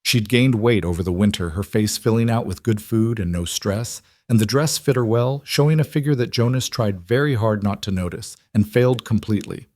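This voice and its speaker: A man giving scripted, measured narration of a frontier story. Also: lowish voice, darkish tone, dry recording.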